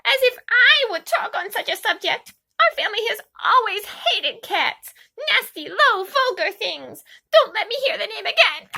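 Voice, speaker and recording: A woman voicing a small, touchy male mouse in a storybook reading, with a shrill, passionate voice. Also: expressive, unhurried, few pauses, sharp tone, heavily acted. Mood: furious. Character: shrill, easily offended little male mouse.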